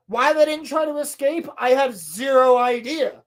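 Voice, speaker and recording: A woman's voice: sits high, moderate pace. A woman recapping a show in a casual, sarcastic rant, swearing often and acting out scenes. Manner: sarcastic, swears a lot, acts out scenes in voices. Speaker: podcast co-host.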